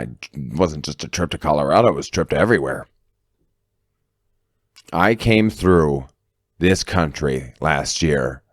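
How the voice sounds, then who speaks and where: An extremely deep-voiced man co-hosting a podcast, boisterous and swaggering, dropping swear words as he goes. His voice sits dry and close, with no room sound around it. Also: no room sound. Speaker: podcast co-host. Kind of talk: casual chat.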